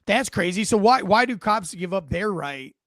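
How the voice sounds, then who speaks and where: High-voiced man ranting in casual talk. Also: normal speed, dry recording. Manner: animated, emphatic, reads comments aloud. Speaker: podcast co-host. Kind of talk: casual opinion chat.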